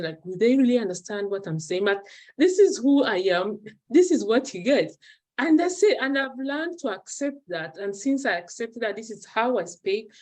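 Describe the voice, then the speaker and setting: A woman's voice: mid-range voice, darkish tone. A woman with an accent speaks thoughtfully and earnestly about her experience during an online group session. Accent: non-native English. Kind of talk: personal reflection in a group session.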